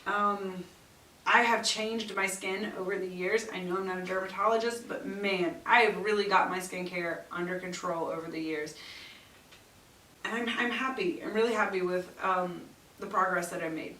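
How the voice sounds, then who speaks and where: A woman's voice: mid-range voice, fairly even intonation, normal speed, sharp tone, distant mic. Middle-aged woman, casual reviewer, blunt and chatty, set back from the mic in a roomy echo. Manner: chatty, blunt, exasperated asides. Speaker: beauty vlogger. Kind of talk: casual product review chat.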